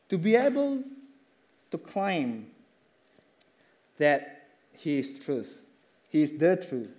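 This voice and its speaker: A man preaching a sermon in church, emphatic and animated, repeating phrases as he builds his points. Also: on the high side.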